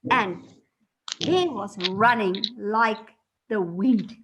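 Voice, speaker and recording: Teacher lady telling the kids a story, high voice, takes her time, really animated. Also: a little slow, long pauses, slight background noise, low-quality recording. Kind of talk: reading a story aloud to a class.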